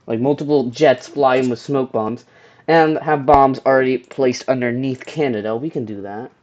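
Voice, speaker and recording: A young man commentating a strategy game, excitedly reading event text aloud and cheering. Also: medium pitch, moderate pace. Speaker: gaming YouTuber. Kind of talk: let's play commentary. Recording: dull lo-fi home recording.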